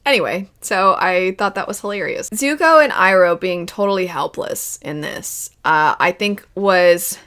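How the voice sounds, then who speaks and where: Animated woman in casual reaction commentary. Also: lowish voice, measured pace, hardly any pauses, clear, resonant tone. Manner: animated and emotional, laughing often. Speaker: video host reviewing a cartoon series.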